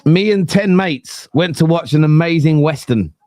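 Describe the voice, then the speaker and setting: Dry, lively podcast host, laughing a lot. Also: male voice, moderate pace, dry recording. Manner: laughs a lot, tells stories animatedly, jumpy pitch. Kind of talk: casual chat.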